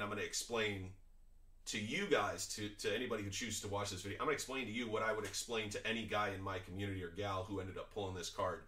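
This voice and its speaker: A man's voice: lowish voice, bright, forceful tone, reverberant. A man hosting a reaction video, giving opinionated, critical commentary on a clip in a conversational way.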